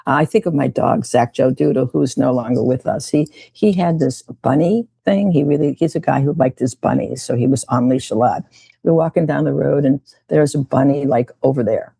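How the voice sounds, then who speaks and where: A woman meditation teacher who leads a slow, gentle guided meditation and talk, often repeating her phrases. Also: rumbling low, creaky, husky, dry recording.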